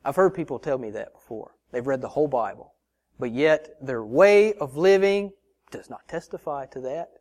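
A man's voice: mid-range voice, animated, normal speed, darkish tone. A man preaching a sermon as pastor, earnestly pressing the congregation with rhetorical questions and calling them brothers and sisters. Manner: addresses listeners as brothers and sisters.

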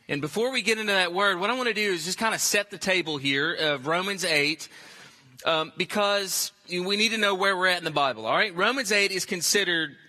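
Male pastor, emphatic sermon delivery, high and sharply bright tone. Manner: emphatic, repeats phrases for stress.

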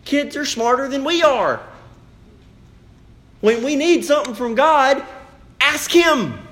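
A man preaching a sermon as pastor, with animated rhetorical questions. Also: very high-pitched, a little slow.

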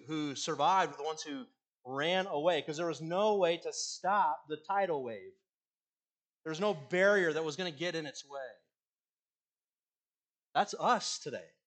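Guy preaching a sermon, kinda higher voice, gets loud then drops way soft. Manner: earnest preaching, swinging between loud emphasis and hushed endings. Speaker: pastor.

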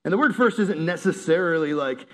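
Young male youth pastor, high voice, casual lively sermon, chatty with teens. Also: brisk.

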